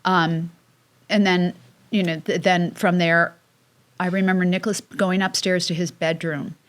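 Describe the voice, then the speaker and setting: Middle-aged mom guesting on a chat show; tells stories emotionally, with pauses and fillers. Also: female voice, fairly low pitch, flat delivery. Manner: emotional storytelling, halting with fillers. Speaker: guest mother. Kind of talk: casual podcast chat.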